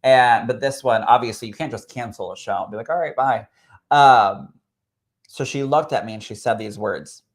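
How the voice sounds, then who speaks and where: A man, a spirit medium, sharing a personal story in an expressive, chatty way that swells with emotion. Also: lowish voice, normal speed. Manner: expressive and chatty, full of "like" and "literally".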